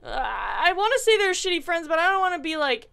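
A woman's voice: very high-pitched, sing-song, fairly quick, creaky. A woman commenting on a dating game she is playing, bubbly and giggly, often flustered and stammering. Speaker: gaming channel host. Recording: loud keyboard typing and clicks.

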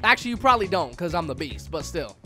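Young guy yelling over his game, high voice, faint music behind, hyped and slangy. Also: very animated, fast. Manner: hyped, slangy, talks to opponents. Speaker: gaming YouTuber. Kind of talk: excited gameplay commentary.

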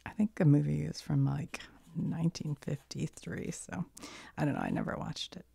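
ASMR host, woman with a cold: dark husky half-whisper, soft and rambling. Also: deep voice, fairly even intonation, normal speed, no room sound. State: has a cold. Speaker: ASMR creator. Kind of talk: soft-spoken ASMR chat.

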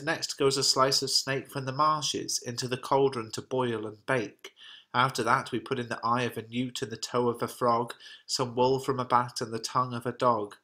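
Bright-voiced British man reading a lesson. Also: medium pitch. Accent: British English. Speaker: teacher. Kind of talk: reading a modern translation aloud.

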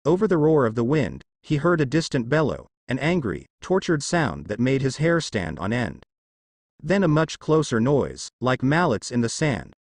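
A man reading a fan fiction story aloud, moving briskly through the narration and lifting his voice a little for the quoted lines. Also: medium pitch, big pitch swings, dry recording.

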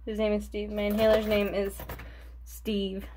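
A young woman talks her way through a makeup tutorial in a loose, rambling way. She loses her train of thought and sighs as she goes, and she is short of breath. Her pitch sits in the middle range for a woman. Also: monotone, a little slow, heavy background noise. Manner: rambling, forgetful, chatty with sighs. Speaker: beauty vlogger. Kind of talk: casual makeup tutorial chat.

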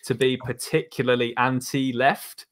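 A man's voice: medium pitch, level tone, moderate pace. A man from southeast England with a southeast English accent, hosting an interview and asking long, rambling questions filled with hedging fillers. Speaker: host. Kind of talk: casual interview chat.

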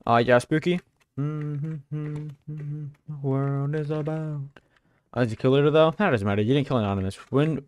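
A man's voice: on the high side, normal speed, clear, resonant tone, no room sound. Joking young male live streamer. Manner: joking, teasing chat banter. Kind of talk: casual live-stream chat.

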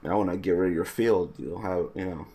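A man's voice: low voice, moderate pace, mellow, slightly rough. Laid-back mumbling man playing card games. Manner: laid-back mumbling, swears, gets exasperated at opponent. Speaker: gaming YouTuber. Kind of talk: casual commentary over an online card game.

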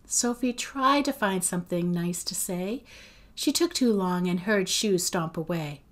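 Slow, measured woman reading a novel. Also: lowish voice. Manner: measured, expressive storytelling. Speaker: teacher.

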